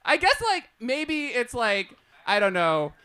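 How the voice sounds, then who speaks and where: A woman from Portland performing a live stand-up set at a comedy cafe, animated and profane, laughing at her own jokes, on a handheld stage mic. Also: fairly high pitch, slow, clean tone.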